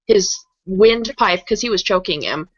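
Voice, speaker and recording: Low-voiced woman on a fan podcast, talks real slow and careful, dry muffled audio. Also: lively intonation, no echo. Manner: explains points deliberately. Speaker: podcast co-host. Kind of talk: casual book-club discussion.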